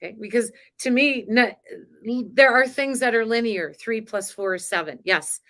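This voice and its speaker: Woman host of a spiritual live stream. Chatty, emotional, laughs often, slightly high voice. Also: moderate pace, a bit bright. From grew up on a farm. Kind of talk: casual live-stream talk.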